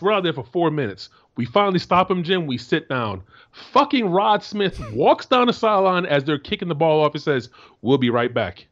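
A man co-hosting a casual sports talk show, telling animated stories and often restarting his sentences. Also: on the high side, highs cut off. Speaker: co-host, former NFL defensive tackle.

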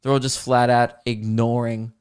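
A man's voice: mid-range voice, little pitch movement, normal speed, a little mellow, clear, resonant tone. A man in his thirties with an Australian accent, hosting a comedy podcast and telling an exasperated story with lots of laughing and swearing. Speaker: podcast host.

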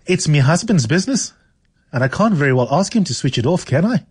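A man's voice: a little high, very animated, a little fast, slightly rough, pitched above the performer's own voice, heavily acted. A man reading aloud, voicing a chatty middle-aged Irish landlady with a blunt, gossipy manner and a shaky attempt at an Irish lilt. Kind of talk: reading a novel aloud on radio.

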